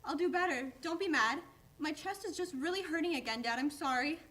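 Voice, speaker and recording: A devoted young male pet dog chatters away in a bright, high voice. He talks to his owner nonstop and calls him "Dad" at every turn. The reading carries a faint hum of room noise. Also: fairly quick. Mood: apologetic. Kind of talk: staged play reading.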